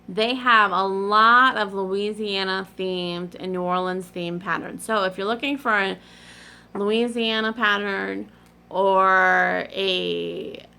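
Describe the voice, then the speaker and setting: A middle-aged woman who vlogs about cross-stitch talks in a creaky, mid-range voice that sounds pushed and bright. She rambles casually to her audience, drifting off on tangents and frequently apologizing in asides.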